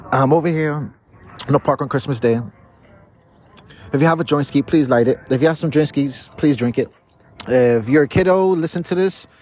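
This podcast host, a tipsy man speaking outdoors in a city park, has a slightly high, darkish voice, a moderate pace and frequent pauses. His profane, casual monologue wanders and keeps restarting with stammers, captured on dull lo-fi outdoor audio.

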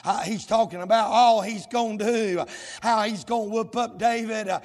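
A man preaches at full cry, his high voice ringing off the walls of a large sanctuary with a long, trailing echo. He chants in drawn-out shouted bursts, gasping "uh" between each phrase. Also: steady tone. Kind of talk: shouted revival sermon. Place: church sanctuary.

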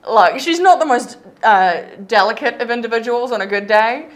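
A woman's voice: on the high side, moderate pace. A woman player in a tabletop game, talking through her character in a playful way. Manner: playful, animated.

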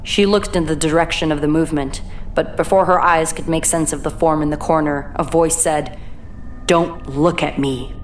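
A woman narrating a horror audiobook in a measured, even storytelling manner. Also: low voice, a little hiss or hum.

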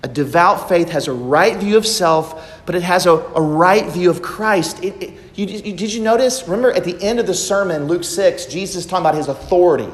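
A man's voice: high voice, a little fast, hardly any pauses. Emphatic male preacher in an echoey hall. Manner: emphatic, repeats phrases for stress. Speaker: pastor. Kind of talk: sermon. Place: church sanctuary.

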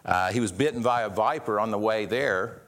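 A man's voice: fairly low pitch, normal speed, a bit bright. A man preaching a sermon, earnest, often restarting and repeating words and asking rhetorical questions. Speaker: pastor.

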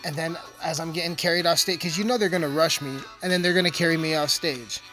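A man's voice: fairly high pitch, fairly even intonation, quick pace, sharp tone. A man rambling through a profane, joking casual monologue as a podcast host. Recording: music playing behind.

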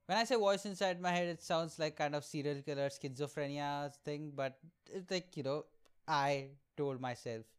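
Profane young man, smooth voice. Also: fairly high pitch, normal speed. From India. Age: 20s. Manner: candid, profane, self-mocking storytelling. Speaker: podcast host and aspiring comedian. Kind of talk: solo podcast monologue.

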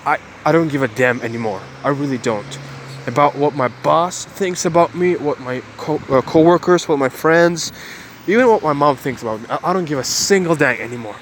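A man's voice: on the high side, fairly quick, slight background noise. A man in his twenties talking to his viewers in an earnest, emotional monologue, repeating and restarting his phrases. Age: 20s. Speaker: vlogger.

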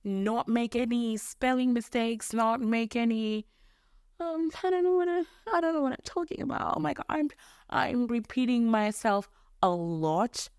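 This podcast host, a young woman from Mozambique, rants casually and rambles on her own from her bedroom, running herself down and dropping casual swears. Her smooth, darkish voice is a little high and measured, in clean studio sound with no room sound.

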